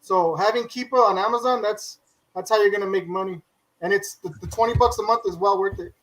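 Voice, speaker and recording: A man talks through his selling methods in a casual group chat. His voice sits high for a man, and he often stammers and restarts. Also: a little fast, a bit bright, rough recording. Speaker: Amazon reseller guest. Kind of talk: casual explaining.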